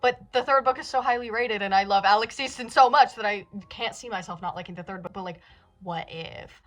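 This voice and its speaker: A late-teen book vlogger talks to camera in a casual vlog, anxious, rambling and swearing often. Her voice is medium in pitch, brisk and fairly bright.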